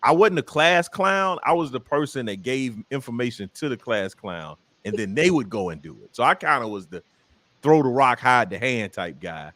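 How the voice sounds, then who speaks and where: Animated Southern American man. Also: mid-range voice, normal speed. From Southern United States. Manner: animated storyteller, jokey. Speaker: comedian guest. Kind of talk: casual interview chat.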